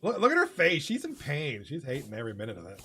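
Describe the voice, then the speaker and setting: Male stream host, fairly high voice, animated and loose, quick to laugh and curse. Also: a little hiss or hum. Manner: laughs often, swears freely, reads chat aloud. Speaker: host of an online hockey game league stream. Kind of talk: casual live-stream commentary.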